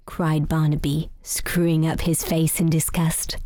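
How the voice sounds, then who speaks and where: A woman reading a children's storybook aloud in a gentle, expressive way. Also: sits low, a little slow, no room sound.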